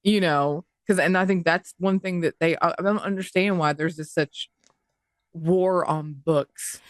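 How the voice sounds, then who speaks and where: A woman's voice: lowish voice, steady tone, measured pace, dry recording, clean studio sound. A woman co-hosting a podcast, talking in casual chat with an incredulous, exasperated manner and casual swearing. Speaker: podcast co-host.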